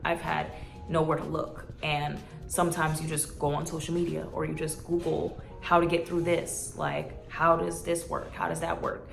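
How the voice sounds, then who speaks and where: A woman's voice: deep voice, little pitch movement, normal speed, gravelly, reverberant, soft background music. A woman in her twenties talking earnestly to her viewers in a casual vlog, rambling and emotional. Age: 20s. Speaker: YouTuber. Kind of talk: heartfelt vlog talk.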